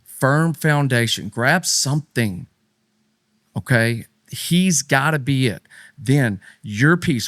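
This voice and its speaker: This is a middle-aged man co-hosting a casual podcast. His voice sits mid-pitch and is recorded close and dry. He talks animatedly, leaping into high, emphatic bursts and then dropping low and quiet. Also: big pitch swings, takes it slowly, no echo. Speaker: podcast co-host. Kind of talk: casual faith talk with a co-host.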